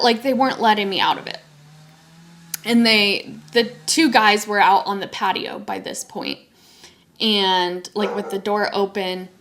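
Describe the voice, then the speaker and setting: A woman's voice: medium pitch, a little hiss or hum. A young woman hosting a podcast, telling a personal story casually and acting out the voices of people she quotes. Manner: animated, acts out quoted voices. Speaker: podcast host.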